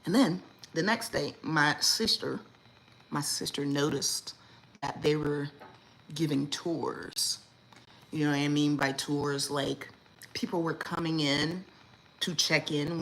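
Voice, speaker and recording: A woman, hosting a casual livestream chat and telling stories in a lively, indignant way, acting out what people said. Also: deep voice, slight background noise, low-quality recording. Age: 40s. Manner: animated storytelling, acts out quotes, lively and indignant. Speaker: livestream host.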